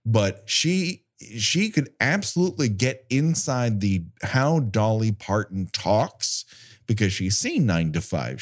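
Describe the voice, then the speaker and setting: A man co-hosting a podcast in casual chat, rambling and swearing as he laughs along. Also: lowish voice. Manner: rambling, profane, laughing often. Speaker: podcast co-host.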